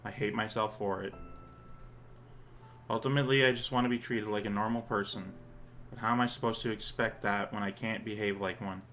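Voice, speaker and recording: A man's voice: fairly low pitch, fairly even intonation, brisk, a bit bright, soft background music. A man voicing a shy self-loathing teen girl. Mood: ashamed. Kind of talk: reading a visual novel aloud in character.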